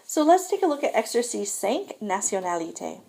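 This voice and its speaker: A woman's voice: mid-range voice, sing-song, normal speed, vocal fry, dark tone. A woman teaching French grammar in a recorded lesson, patient and repetitive, often checking in with "okay?". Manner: patient, repeats "so again" and "okay?".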